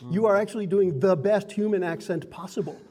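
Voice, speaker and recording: A man with a fairly high voice leads a tabletop game as dungeon master. He explains the rules to newcomers in a friendly, teaching tone and laughs easily. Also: brisk, dark tone, big-room sound. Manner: friendly, instructive, laughs often. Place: card and game store.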